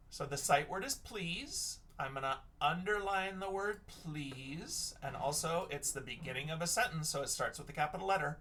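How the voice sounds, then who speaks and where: A man's voice: fairly high pitch, big pitch swings, measured pace, sharp tone. A male teacher giving a recorded reading lesson for children, patiently sounding out words letter by letter.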